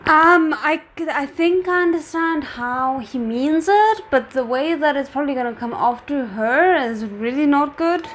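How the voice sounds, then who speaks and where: Woman, reaction host, casual rambling chat, slightly high voice, faint background hiss. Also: animated, unhurried, hardly any pauses. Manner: chatty, rambling, laughing asides. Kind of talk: casual drama reaction commentary.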